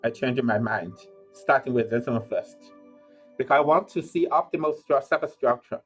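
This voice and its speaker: A man's voice: medium pitch, moderate pace, fairly bright tone, dull audio, faint music behind. A male university lecturer working through a problem aloud, with many fillers and restarts. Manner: thinking aloud with frequent "uh" and self-corrections. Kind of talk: recorded lecture.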